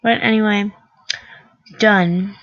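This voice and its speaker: A woman's voice: medium pitch, fairly even intonation, takes it slowly, no echo, lo-fi sound. A teenage girl casually reacting to an online quiz, chatty and sarcastic, full of "like". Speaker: vlogger taking an online quiz.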